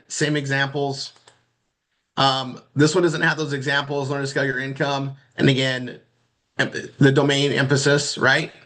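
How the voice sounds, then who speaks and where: A man teaching marketing in a casual screen-share walkthrough, rambling and halting, often repeating words as he clicks around. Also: fairly high pitch, pushed and bright. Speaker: marketing instructor.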